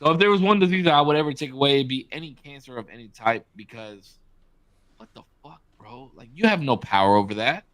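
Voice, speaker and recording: A man's voice: medium pitch, expressive, fast, a bit bright. A man co-hosting a podcast in casual chat, blunt and profane, talking with emphasis. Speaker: podcast co-host.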